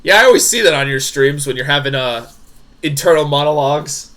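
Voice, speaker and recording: A man streaming a scary game live, reading the characters' lines aloud in shifting voices, jumpy and quick to swear. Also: on the high side, a bit bright.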